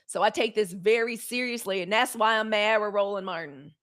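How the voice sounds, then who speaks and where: A woman's voice: mid-range voice, brisk, fairly bright tone. A woman hosting a live news commentary show, talking in a fiery, emphatic way with repeated phrases. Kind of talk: impassioned livestream commentary.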